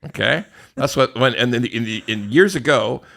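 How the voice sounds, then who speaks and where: A man rants through a casual podcast chat with a gravelly, bright voice that swings up and down in pitch. He swears freely, laughs often and trips over repeated words as he restarts sentences. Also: expressive, normal speed. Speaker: podcast host.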